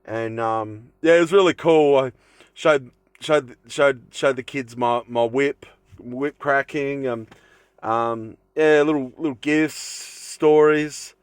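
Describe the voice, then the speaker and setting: Young male vlogger, loose and rambling, mid pitch, dry close sound. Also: slow, clean tone, dry recording. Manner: rambling, lots of fillers and restarts. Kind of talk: casual vlog talk to camera. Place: inside his camper van.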